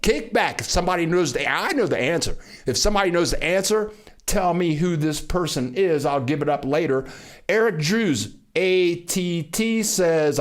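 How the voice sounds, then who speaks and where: An older man hosting a casual livestream from Mexico, greeting viewers by name and getting excited over their messages. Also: high voice. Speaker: livestream host. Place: home in Mexico.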